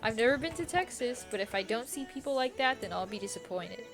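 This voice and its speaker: A woman's voice: on the high side, lively intonation, a little fast, music in the background. Giggly, slangy young woman streamer. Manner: chatty, giggly, slangy and swearing. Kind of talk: casual chat while gaming.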